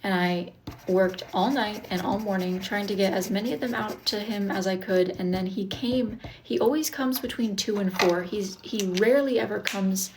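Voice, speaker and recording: A woman's voice: mid-range voice, normal speed, slight background noise. Stressed young woman venting on a live stream. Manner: frustrated, swears freely, reads viewer comments aloud and answers them. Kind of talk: casual live-stream chat.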